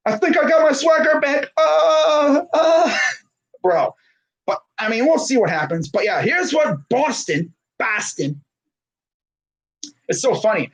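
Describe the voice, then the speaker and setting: A man's voice: very high voice, lively intonation, slow, pauses often, muffled recording. A man in his twenties chatting casually about sports on a stream, rambling with lots of fillers and self-corrections while reading live comments. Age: 20s.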